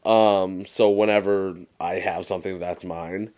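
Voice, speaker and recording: A young man with a very low voice co-hosts a casual podcast. He tells stories with animated energy, swears freely and slips into quoted movie lines. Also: unhurried. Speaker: podcast co-host. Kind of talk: casual chat.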